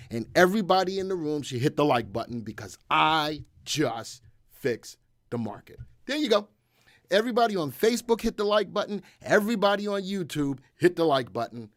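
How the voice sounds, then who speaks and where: A man's voice: medium pitch, fairly bright tone, no room sound, clean studio sound. Upbeat man hosting live market talk. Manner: upbeat, joking, greets viewers by name. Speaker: host of a live stock market show. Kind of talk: live-stream market commentary.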